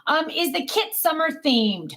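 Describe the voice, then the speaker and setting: With big pitch swings and a bright, forceful tone, a middle-aged woman talks a little slowly on her craft channel livestream. Chatting casually from a home office, she reads viewer comments, rambles with many ums, and calls to her dogs in a high sing-song.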